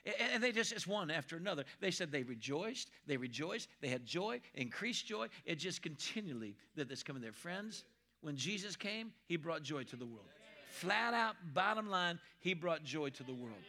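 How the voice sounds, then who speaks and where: A man preaching from the pulpit with a high-pitched, bright, ringing voice. He slows right down to repeat his main points and reads scripture with weight. Between readings he drops into casual asides and asks the congregation for an amen. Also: lively intonation. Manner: emphatic, repeats key lines slowly; reads scripture slowly and deliberately. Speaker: pastor. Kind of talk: sermon.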